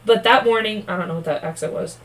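A woman's voice: medium pitch, fast talker, low-quality recording. A woman co-hosting a true-crime podcast, reading the case aloud and breaking off with blunt, profane, snarky asides.

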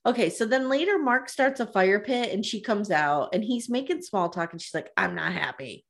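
A woman's voice: on the high side, lively intonation, moderate pace. A woman co-hosting a podcast, retelling reality TV scenes in casual chat and laughing often. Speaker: podcast co-host.

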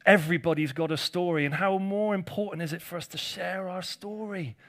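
A man's voice: sits high, brisk, a bit bright. A male pastor preaching a conversational sermon, with jokey asides to his congregation.

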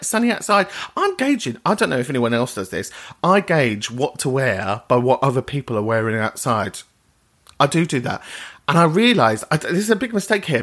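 An animated man hosting a chatty podcast. His pitch swoops up and down as he reacts to voicemails with mock outrage, and he often breaks into laughter. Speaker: podcast host reading voicemails. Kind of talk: casual chat.

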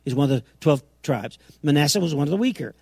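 A middle-aged man delivers an emphatic sermon in a somewhat high, gravelly voice. He swings between quiet, slow asides and loud, ringing declarations, acting out the quotes he reads. The sound is close and dry, with no room around it. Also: lively intonation, dry recording. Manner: emphatic, dramatic swings in pitch and loudness, acts out quotes. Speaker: preacher.

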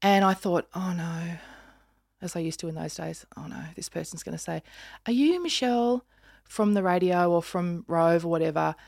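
A woman's voice: fairly low pitch, normal speed, creaky. A woman in her fifties with an Australian accent, hosting a podcast and telling stories in casual chat, acting out the voices of people in them. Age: 50s. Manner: animated storyteller, acts out voices in quotes. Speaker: podcast host.

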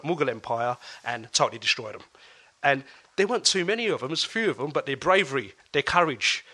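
A man, a guest telling a personal story in an animated way, often restarting his sentences. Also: medium pitch. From England.

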